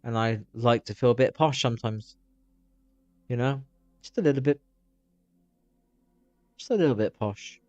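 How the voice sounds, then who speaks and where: A man's voice: medium pitch, normal speed, long pauses, darkish tone, no room sound, lo-fi sound, soft background music. A man chatting loosely on a live stream while watching videos, swearing freely as he rambles.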